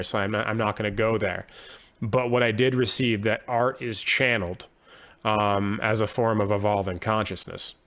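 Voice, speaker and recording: A man's voice: medium pitch, fairly bright tone. A man speaking as a podcast guest, earnest and reflective, often restarting his sentences as he thinks aloud. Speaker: podcast guest, poet and musician. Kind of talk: conversational interview.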